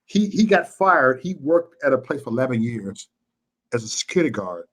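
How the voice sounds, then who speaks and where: A man's voice: mid-range voice, very animated, moderate pace, fairly bright tone. Passionate swearing man hosting a live show. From Chicago. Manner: passionate, swearing, repeats words when worked up. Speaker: livestream show host. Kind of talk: casual heated call-in talk.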